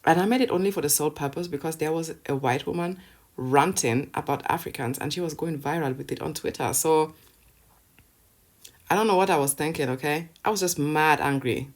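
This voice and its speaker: A woman's voice: sits low, fairly quick. A woman vlogger ranting casually to camera, sarcastic and profane, with bursts of laughter between points.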